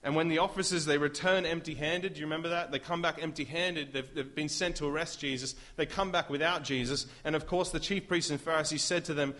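A man preaching a sermon, emphatic and full of rhetorical questions, rising to loud declarations. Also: on the high side, brisk.

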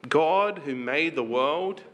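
Bright-voiced man preaching a sermon. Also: a little high, lively intonation, takes it slowly. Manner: conversational preaching with rhetorical questions. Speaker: pastor.

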